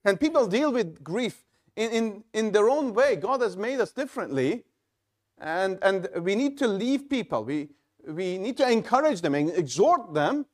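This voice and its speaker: A male pastor preaching a sermon in a measured, halting delivery with frequent restarts. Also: high-pitched, very animated.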